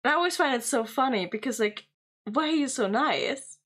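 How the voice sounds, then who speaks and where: A woman's voice: high voice, expressive, brisk, a bit bright. Laughing woman streamer. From Germany. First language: German. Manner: rambling, laughs often, swears casually. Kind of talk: casual reaction stream chat.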